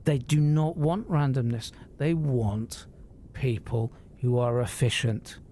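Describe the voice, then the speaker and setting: A man's voice: medium pitch, slow, warm tone, a little hiss or hum. A man, talking to live-stream viewers in an earnest, emotional, rambling way, swearing freely and often restarting his sentences.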